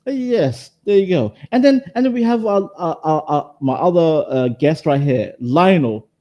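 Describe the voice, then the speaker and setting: A man's voice: fairly high pitch, expressive, moderate pace, mellow. A man co-hosting a casual chat, teasing the others and often stumbling over repeated words. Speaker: co-host.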